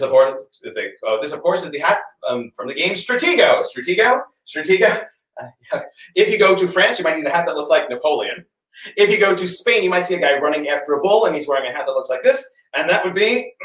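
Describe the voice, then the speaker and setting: Chatty magician, roomy and distant. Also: male voice, a little high, fairly bright tone. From United States. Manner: chatty, halting with many fillers. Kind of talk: comic magic show patter. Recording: roomy sound, distant from the mic.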